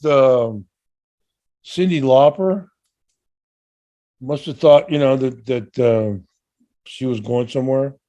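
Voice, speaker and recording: An older man talks at an ordinary middle pitch, easygoing and unscripted. He rambles and stalls, circling back with fillers and restarts as he works through an answer. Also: a little mellow. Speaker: podcast co-host answering fan questions. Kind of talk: casual chat.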